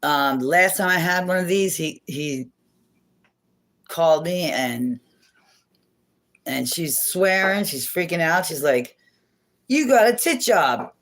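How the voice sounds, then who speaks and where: A woman's voice: low-pitched, slow, pauses often, fairly bright tone. A woman hosting a casual livestream from home on her phone, rambling and chatty, laughing often and swearing now and then. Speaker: livestream host.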